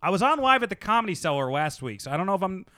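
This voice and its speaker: A man's voice: sits high, big pitch swings, racing, sharp tone, dry recording, studio quality. A man hosting a podcast as a stand-up comedian, rambling and self-deprecating, swearing often in casual chat.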